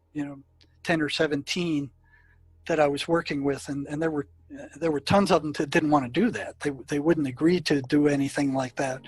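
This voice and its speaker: A man's voice: a little high, husky, dry recording, low-quality recording. An older man, a psychiatrist, telling stories from his work in an interview, with many fillers and restarts. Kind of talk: storytelling in an interview.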